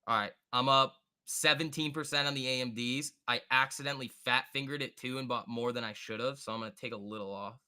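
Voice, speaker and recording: A man hosting a live stock trading stream, thinking aloud and answering chat in an excitable, quick way. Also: mid-range voice, clean tone. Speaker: stock trading livestream host. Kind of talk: live market commentary reading chat.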